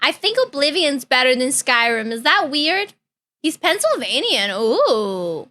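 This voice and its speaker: A woman's voice: high-pitched, big pitch swings, unhurried, pushed and bright. A woman streamer, chatting casually and giggling as she reacts to videos. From Canada.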